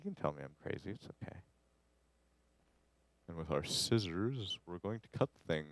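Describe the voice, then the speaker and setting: A man from Canada teaches a live studio class on music production, with a very low voice. He rambles and cracks jokes while he edits, and the sound is dry and close. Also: animated, normal speed, dry recording. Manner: rambling, jokey, talks to the audio as he edits.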